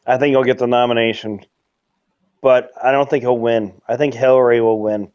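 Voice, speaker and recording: A man's voice: medium pitch, level tone, moderate pace, clean tone. Profane rambling man, lo-fi. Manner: profane, rambling, frequent fillers. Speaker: host of a webcast. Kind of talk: ranting casual commentary.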